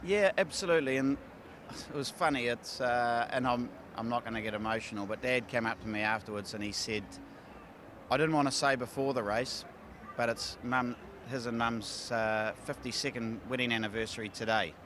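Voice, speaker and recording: A man's voice: mid-range voice, normal speed, noisy background. A man, a racehorse trainer talking candidly after a big win, with lots of fillers and restarts. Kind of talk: casual post-race interview. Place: outdoors at a racecourse.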